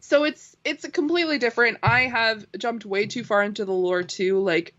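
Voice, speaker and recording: A woman co-hosting a podcast, chatting casually and telling stories with a giggly, animated manner and a slight accent. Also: on the high side, normal speed. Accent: non-American accent. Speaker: podcast co-host. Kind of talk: casual chat. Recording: dull lo-fi mic.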